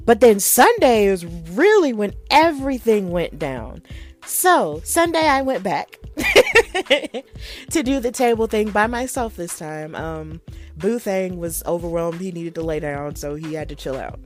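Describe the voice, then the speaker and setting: Chatty woman podcaster telling a story solo, lots of likes and ums, soft music in the back. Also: medium pitch, sing-song, unhurried. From Alabama, USA. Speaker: podcast host.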